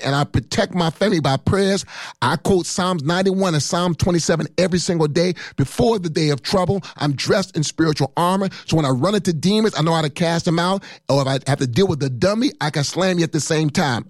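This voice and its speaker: Fiery high-voiced preacher man in his fifties. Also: dry recording, studio quality. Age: 50s. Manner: fiery, emphatic preaching with repetition. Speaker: pastor. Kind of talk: sermon.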